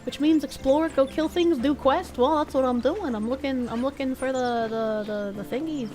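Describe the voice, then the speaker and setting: A woman's voice: high-pitched, moderate pace, a little mellow, poor audio. A woman streamer giving casual commentary while she plays, chatting to the game's characters and swearing casually. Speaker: game streamer. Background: game music.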